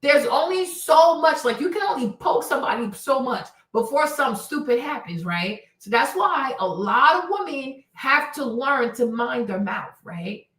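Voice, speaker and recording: A woman's voice: high-pitched, lively intonation, normal speed, hardly any pauses, fairly bright tone. Blunt woman host with a roomy, distant sound. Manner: blunt and emphatic, repeating points, swears freely. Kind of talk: casual advice monologue.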